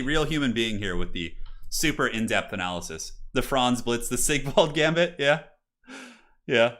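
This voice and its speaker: A man with a lowish, sharp-toned voice commentates a chess match on a live stream, chatty and jokey. He answers chat, uses loose fillers and swears casually now and then.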